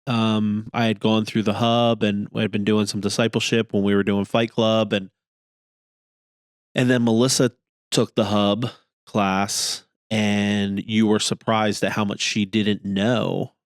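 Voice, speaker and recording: A man's voice: fairly low pitch, little pitch movement, unhurried, dry recording, studio quality. A man from New Jersey co-hosting a church podcast, chatting casually with a sarcastic, joking manner. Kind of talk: casual chat.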